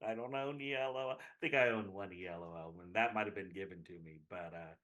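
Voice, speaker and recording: A middle-aged man co-hosting a casual music podcast, talking in an animated, jumpy way and often correcting himself. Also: low voice, quick pace, muffled recording. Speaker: podcast co-host. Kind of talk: casual chat.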